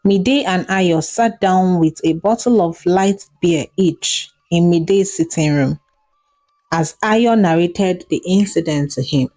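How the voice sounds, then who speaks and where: A woman storyteller with a Nigerian accent narrating a tale in a slow, measured way. Her voice sits low and mellow, with faint music underneath.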